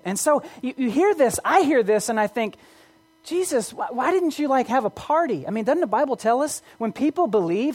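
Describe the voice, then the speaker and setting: A woman's voice: sits high, darkish tone. A woman preaching a sermon, earnest, reading scripture aloud and posing rhetorical questions to the congregation.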